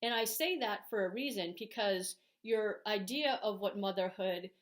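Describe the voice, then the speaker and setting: A woman's voice: mid-range voice, moderate pace. A middle-aged woman vlogger talking frankly and emphatically to camera about parenting, with plenty of ums. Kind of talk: opinionated casual talk to camera.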